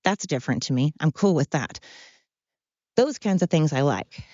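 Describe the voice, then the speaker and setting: Low-voiced woman rambling candidly. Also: expressive, normal speed, darkish tone, no room sound, muffled recording. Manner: rambling, blunt and self-deprecating. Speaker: podcast host. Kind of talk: candid monologue.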